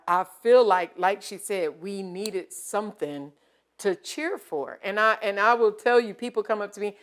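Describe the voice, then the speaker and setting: A woman chef hosting a casual interview, telling stories in an animated way and laughing often. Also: fairly low pitch. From American South.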